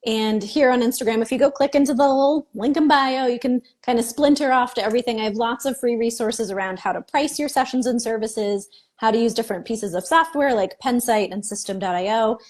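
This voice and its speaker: A fairly high-voiced woman speaks as a guest in a casual video-call interview. She sounds upbeat, explains things clearly, and laughs easily. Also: a little fast, few pauses, darkish tone. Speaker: business mentor guest.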